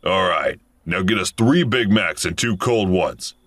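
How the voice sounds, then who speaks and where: A man's voice: deep voice, animated, a little slow, fairly bright tone, no echo, exaggerated voice. A man voicing a menacing armed robber boss who barks contemptuous orders in a storytelling video. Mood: gruff.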